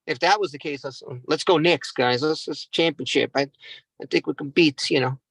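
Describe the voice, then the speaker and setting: A man's voice: a little high, normal speed, vocal fry, a bit bright, no room sound, poor audio. A man doing stand-up comedy, rambling and mocking himself, often calling the crowd "guys".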